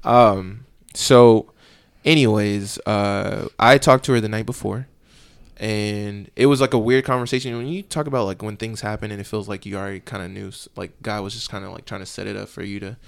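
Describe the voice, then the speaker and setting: Low gravelly man telling stories. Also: moderate pace, no room sound. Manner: animated, acts out voices in his stories. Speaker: police officer guest. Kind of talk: casual podcast storytelling.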